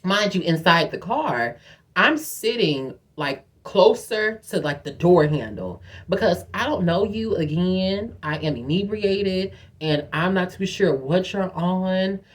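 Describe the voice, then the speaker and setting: A young woman tells a story in a casual vlog. She is animated and profane, and she acts out quotes in a higher voice. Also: slow pace. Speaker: vlogger telling a story.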